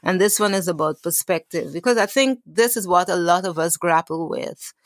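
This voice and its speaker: A woman author and coach speaks earnestly as a podcast guest, weaving faith into her advice and sometimes correcting herself mid-sentence. Her voice is somewhat low. The recording is dry and close. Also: normal speed, no room sound. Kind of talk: podcast interview, reading from her book.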